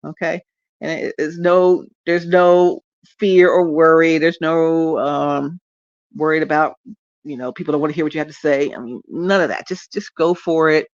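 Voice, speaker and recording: A woman's voice: deep voice, steady tone, moderate pace, no echo, highs cut off. A woman, talking in a rambling, upbeat vlog style and laughing often, recorded lying down at home on a phone or webcam. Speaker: traffic reporter and streaming host. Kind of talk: casual direct-to-camera vlog.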